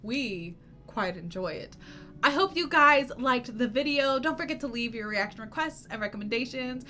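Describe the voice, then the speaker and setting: A woman's voice: on the high side, expressive, moderate pace, pushed and bright, faint music behind. A young woman hosting a reaction video, telling a self-mocking story in casual talk and swearing freely. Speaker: reaction channel host.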